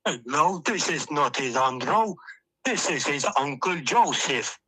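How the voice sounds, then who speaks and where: Man putting on a cranky, swearing Maltese uncle on a phone line, high and bright. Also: animated, unhurried, husky, full character voice. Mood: grumbling. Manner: grumbling, swearing, broken English. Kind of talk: phone-in character impression. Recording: phone call over speaker.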